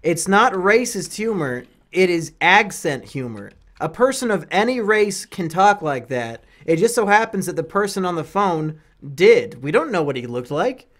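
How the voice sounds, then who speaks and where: High-voiced man teasing and swearing. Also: sing-song, normal speed, few pauses, fairly bright tone. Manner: teasing, crude, swears often. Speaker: podcast co-host. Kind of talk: casual banter.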